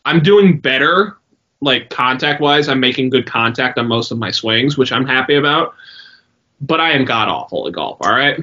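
A young man co-hosting a podcast, telling a story in a rambling, swearing, animated way. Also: mid-range voice, moderate pace. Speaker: podcast co-host. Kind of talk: casual chat. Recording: dull lo-fi sound.

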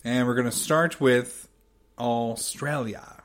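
A man's voice: medium pitch, fairly even intonation, takes it slowly. A man with an American Midwest accent, hosting a podcast with wry, teasing, laughing banter. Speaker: podcast host. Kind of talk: casual chat.

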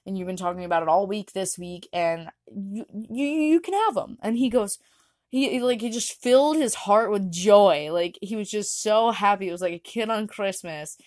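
A woman's voice: medium pitch, normal speed, darkish tone, no room sound, clean studio sound. Giggly young woman rambling through a story. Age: young adult. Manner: rambling, giggly, lots of fillers and restarts. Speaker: vlogger. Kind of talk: casual storytelling.

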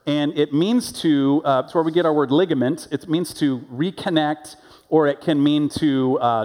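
Male pastor, conversational sermon, slightly high voice, church reverb. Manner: conversational storytelling with animated quoted voices. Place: church sanctuary.

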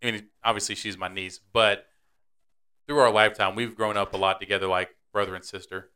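A bright, crisp-voiced man hosts a casual podcast. He jokes, teases and laughs often as he talks. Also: on the low side, little pitch movement, a little fast. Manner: joking, laughs often, teasing. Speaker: podcast host. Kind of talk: casual chat.

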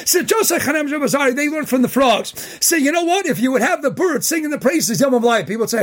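With hardly a break for breath, a fast-talking rabbi pours out an impassioned Torah sermon in a very high, expressive voice. Shouting and rhetorical questions come often, and his English is laced with Hebrew and Yiddish.

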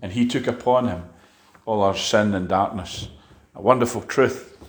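A man preaching a sermon, halting and restarting often and asking the congregation rhetorical questions. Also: lowish voice, reverberant. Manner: halting, with frequent fillers and restarts.

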